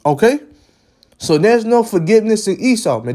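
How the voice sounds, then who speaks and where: A man's voice: high-pitched, very animated, normal speed, warm tone. A man giving a religious lesson in an emphatic preaching style. He often ends phrases with "man" and sometimes stumbles and repeats words. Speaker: religious teacher.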